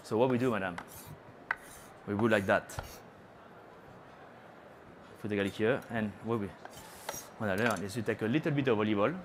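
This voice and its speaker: A man's voice: lowish voice, normal speed, long pauses, noisy background. A man from France with a French accent, a chef giving a chatty live cooking demonstration on a trade show stage, teasing the audience and slipping into French phrases.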